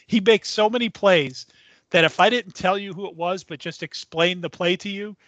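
Man, high bright voice, chatty sports talk, quick to laugh, dry mic. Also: no echo. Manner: chatty, laughs easily, restarts a lot. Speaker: podcast co-host. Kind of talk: casual sports chat.

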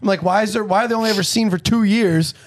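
Wry joking man with a high voice. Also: rapid-fire, dry recording. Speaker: podcast co-host. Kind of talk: casual chat.

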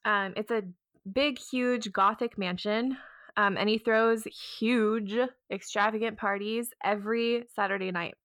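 Young woman podcast co-host, relaxed and joking, many fillers, mid-range voice, dry close sound. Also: mid-range voice, a little slow, dry recording. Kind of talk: casual plot summary.

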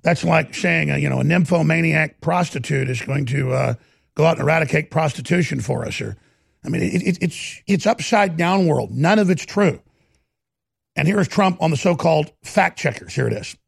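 Raspy, gravelly Texan man ranting. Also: fairly high pitch, animated, normal speed, dry recording, studio quality. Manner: sarcastic, mocking, slips into put-on voices. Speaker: political commentary host. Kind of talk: opinionated political commentary.

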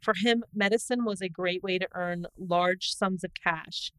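Woman rambling through a true crime story on a podcast, lively and laughing, dry close mic. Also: on the low side, measured pace, smooth, no room sound, poor audio. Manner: animated storyteller, laughs often, trails off mid-sentence. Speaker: podcast co-host.

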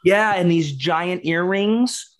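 A man hosting a casual trivia quiz, teasing the players and reading the questions out slowly. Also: high-pitched, fairly bright tone.

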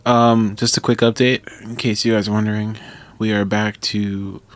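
A man's voice: fairly low pitch, level tone, normal speed, no room sound. A man co-hosting a casual podcast who jokes, swears casually and laughs a lot. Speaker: podcast co-host. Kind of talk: casual chat.

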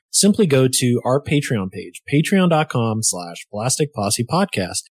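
A man co-hosts a podcast in a friendly, encouraging way. His voice is mid-pitched and sounds dry. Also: husky, dry recording. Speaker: podcast co-host. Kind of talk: podcast talk and sponsor read.

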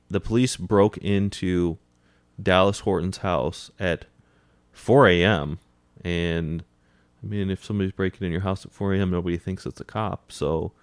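Young male co-host, very deep voice; dry, teasing, laid-back storyteller. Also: no echo. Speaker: podcast co-host. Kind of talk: casual chat, recounting news stories.

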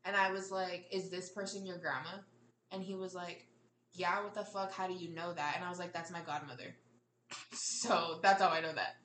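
A woman's voice: lowish voice, fairly even intonation, moderate pace, fairly bright tone, reverberant, distant mic, a little hiss or hum. A young adult woman telling candid, profane stories in casual chat, often laughing. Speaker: podcast co-host.

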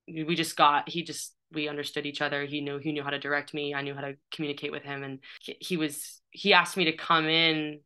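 A woman's voice: low-pitched, flat delivery, brisk, bright, forceful tone, smooth. A woman in her thirties, a playwright and performer, chatting in an interview with lots of fillers and restarts. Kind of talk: casual interview chat.

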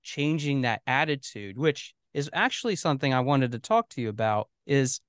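A man's voice: medium pitch, expressive, moderate pace, fairly bright tone, smooth, no echo, studio quality. A man hosting an interview podcast, asking long, earnest questions. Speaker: podcast host.

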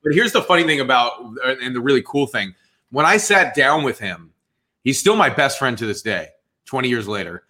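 A man in his forties with a New Jersey accent and a medium-pitched voice speaks at a normal speed. He's an interview guest casually telling his story, animated, acting out the dialogue and tossing in "dude" and "man."

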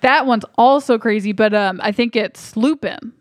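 A woman's voice: a little high, normal speed, no echo, studio quality. A woman co-hosting a podcast, chatting casually about a movie with many restarts and fillers. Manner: rambling, hesitant with many restarts. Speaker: podcast co-host.

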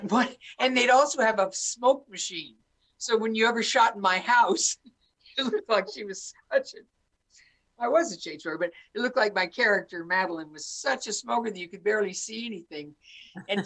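A woman's voice: medium pitch, animated, normal speed, a bit bright. An older woman, a guest actress, chatting candidly from home over a video call, wry and sprinkling in swear words. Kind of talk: casual chat. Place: at home in Florida.

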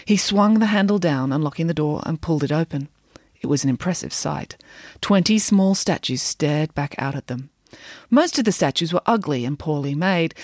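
A woman children's author reading a bedtime story for her podcast. Her reading is measured and expressive, with a lively, swinging pitch. The recording is close and dry, with no room sound. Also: no echo.

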